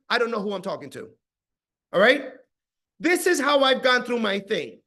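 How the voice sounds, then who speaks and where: A man coaching his sales team on a video call, animated and acting out his phone calls, tagging "right?" onto his points. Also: very high-pitched, moderate pace, pauses often. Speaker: team leader giving sales training.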